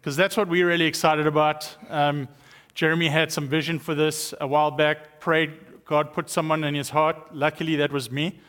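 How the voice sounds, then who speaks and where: Long reverb from the church hall surrounds this South African guest speaker, likely in his thirties or forties, as he shares a testimony sermon full of jokes, chatter, and fillers. His delivery is flat and moderately paced, in a somewhat high, slightly bright voice.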